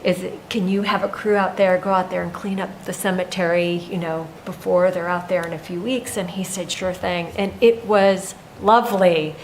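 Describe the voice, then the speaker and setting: A woman, a land stewardship coordinator, giving an unhurried, informal update at a town meeting with frequent pauses. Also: on the low side, steady tone, a little hiss or hum, rough recording. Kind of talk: staff report at a town meeting.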